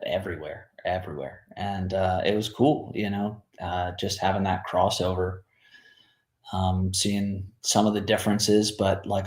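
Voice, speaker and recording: A man who grew up in Jordan, speaking as an interview guest in a hesitant way full of ums and pauses. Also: fairly low pitch, a little mellow, echoey room. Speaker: podcast guest, veteran and singer. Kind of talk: casual interview talk.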